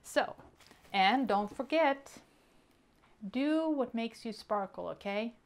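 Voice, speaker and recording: Brief: unhurried, chatty woman host, excitable unboxing tone. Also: on the high side. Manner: chatty and excitable, counting items aloud. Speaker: hobby vlogger. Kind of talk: casual unboxing chat.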